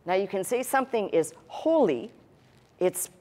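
A woman's voice: mid-range voice, lively intonation, moderate pace, dark tone. A woman pastor teaching a sermon in a conversational way, with asides and dry humor, demonstrating points with a pen on a tablet.

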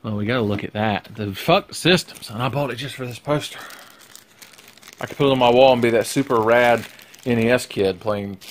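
A man's voice: medium pitch, fairly quick, a little hiss or hum. Sarcastic, swearing man unboxing at home. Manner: sarcastic, profane, rambling. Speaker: vlogger. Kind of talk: casual unboxing vlog. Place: his bedroom. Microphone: camera balanced on his face.

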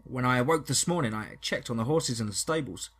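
A husky, panicky young farmer, as a man puts him on, his voice climbing higher and louder than the narrator's. He sounds shaken and close to breaking in this horror audio story. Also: brisk. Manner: panicky, pleading. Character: scared young man, farmer and new father.

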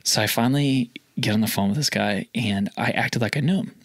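A man's voice: mid-range voice, fairly quick, fairly bright tone, dry recording, clean studio sound. A man from Oklahoma, a store owner, telling stories in a casual interview, rambling and filling his talk with lots of "like". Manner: rambling, filler-heavy with lots of "like". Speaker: feed store owner, guest.

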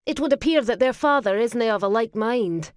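A woman voicing a proud young Highland mother with a lilt in an audiobook, speaking in a wry, bitter, sharp way. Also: animated, a little fast, close to an everyday voice. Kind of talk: audiobook character voice.

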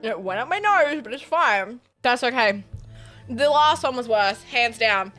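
Excitable high-voiced woman streamer. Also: unhurried, soft background music. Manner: excitable, squealing and laughing between sauces. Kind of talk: gaming hot sauce challenge.

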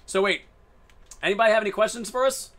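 A man's voice: high voice, quick pace, fairly bright tone. A man streaming a video game live, chatting casually and playfully with a running, jokey commentary.

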